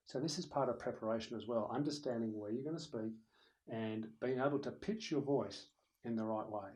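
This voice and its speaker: A man's voice: medium pitch, fairly quick, poor audio. Man teaching, conversational. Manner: conversational, animated, demonstrates loud and soft voices. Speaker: presenter teaching presentation skills. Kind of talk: recorded lecture. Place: room with a camera operator.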